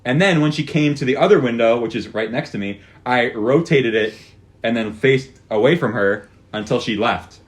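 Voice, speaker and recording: A man's voice: medium pitch, moderate pace, slightly rough. A young man hosting a podcast, retelling a story in casual chat with rambling restarts. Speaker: podcast host.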